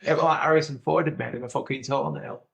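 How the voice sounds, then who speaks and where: A man's voice: medium pitch, steady tone, quick pace, vocal fry. A man, co-hosting a podcast in casual comedic chat, rambling through stories, swearing freely and slipping into silly voices. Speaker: podcast co-host.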